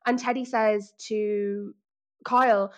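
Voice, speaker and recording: An Irish woman co-hosting a podcast in casual chat, telling animated stories and putting on exaggerated impressions. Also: mid-range voice, slow pace. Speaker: podcast co-host.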